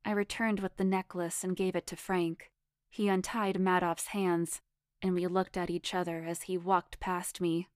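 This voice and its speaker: A woman reading a first-person erotic story aloud in a measured, intimate storytelling manner. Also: on the low side, level tone, smooth, dry recording, clean studio sound. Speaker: story reader.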